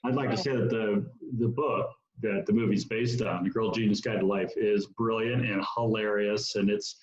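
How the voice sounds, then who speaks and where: A man's voice: fairly low pitch, steady tone, moderate pace. A man from Kansas, an author guest, making brief dry remarks in casual chat. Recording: echoey lo-fi video call audio.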